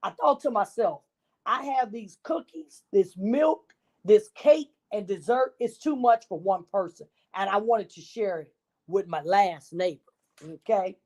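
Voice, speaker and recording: A woman's voice: medium pitch, animated, unhurried, a little mellow. A woman voicing a self-pitying male wolf who tells his own side of the story in a wheedling, innocent tone.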